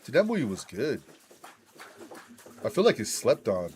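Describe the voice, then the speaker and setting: A man's voice: medium pitch, wildly swooping pitch, moderate pace, darkish tone, a little hiss or hum. A young man streaming a game, telling a rambling, profane story and saying "dude" and "like" a lot. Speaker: gaming streamer. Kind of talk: casual storytelling while gaming.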